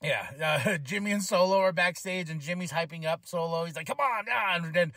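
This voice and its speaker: A man hosting a solo podcast, recapping a wrestling show in a casual, excitable way and acting out quotes with lots of fillers. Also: a little high, brisk, dry recording, studio quality. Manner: excitable, chatty, acts out quotes. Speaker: podcast host.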